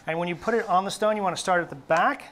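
A man working as a test cook, giving a steady, step-by-step cooking demonstration in a test kitchen studio. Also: high-pitched, racing, a little hiss or hum. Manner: steady, instructive, explaining each step.

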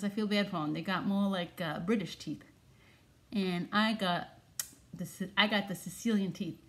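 A woman in a comedic character monologue, chatty and digressive, losing her train of thought and talking in tough slang. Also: a little high.

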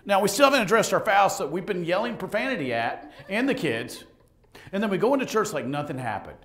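A middle-aged man preaching a lively sermon in a church, joking with the congregation and acting out conversations as he tells stories. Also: high voice, fast. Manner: animated, joking, acts out conversations. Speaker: pastor. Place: church sanctuary.

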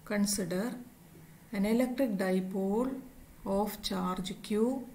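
Slow, deliberate woman teaching physics. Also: mid-range voice, mellow, a little hiss or hum, rough recording. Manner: deliberate, spells out each term and symbol. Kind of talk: slow, step-by-step lecture.

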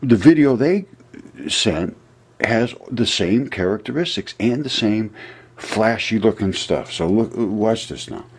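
Husky, stammering man narrating a clip. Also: fairly low pitch, animated. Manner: halting, stammering, earnest. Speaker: presenter of an amateur science video. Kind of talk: casual video narration.

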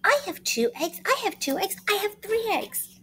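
Woman doing a high chirpy little monkey. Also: sing-song, moderate pace, fairly bright tone, slight background noise, full character voice. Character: excitable little monkey children baking.

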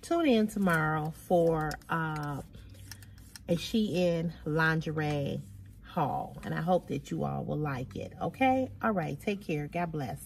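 A woman's voice: low voice, expressive, takes it slowly, creaky, a little hiss or hum. A woman vlogger talking casually to her viewers, sounding weary, sighing often and repeating her points for emphasis. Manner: weary, venting, with frequent heavy sighs. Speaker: fashion vlogger. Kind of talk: casual chat to camera.

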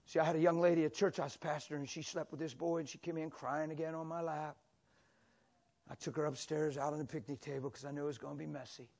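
A man in his sixties preaching a sermon in a church, telling stories animatedly and swinging from loud exclamations to a soft near-whisper. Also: fairly high pitch, fairly even intonation, quick pace, gravelly.

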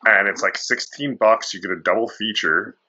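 A lower-pitched man with a bright, forward tone co-hosts a podcast in casual chat. He rambles through stories with lots of fillers. The sound is slightly dull and lo-fi. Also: moderate pace, slightly rough. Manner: rambling storyteller, many fillers like "like". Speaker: podcast co-host.

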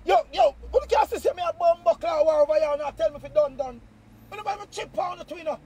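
A man with a Jamaican accent live-streaming a heated, taunting rant, loud and profane, often breaking into shouts. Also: extremely high pitch, fast.

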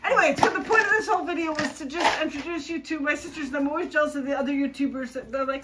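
A woman's voice: high voice, big pitch swings, fast talker, few pauses, pushed and bright, far from the mic, a little hiss or hum. A woman hosting a home vlog on her phone, chatting and bantering with family and laughing often. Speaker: vlogger host. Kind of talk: casual chat. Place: home, indoors, after a family dinner. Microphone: phone camera.

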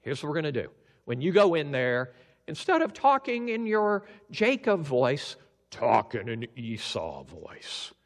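A man's voice: a little high, huge pitch swings, a little slow, heavily acted. A man voicing a decisive mother who is laying out a plan, in a reverberant hall. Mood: firm. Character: scheming mother, firm and decisive.

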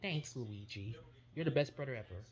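A woman's voice: rumbling low, lively intonation, normal speed, darkish tone, highs cut off, pitched below the performer's own voice. A woman voicing Mario, a cheerful, chatty male plumber and football fan, in a kids' toy play video. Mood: plain.

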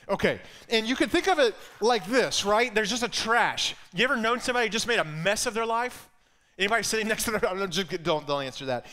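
A man's voice: on the high side, sharp tone. A man with an Alabama accent preaching a sermon in an earnest way, often repeating words as he builds a point. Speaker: pastor.

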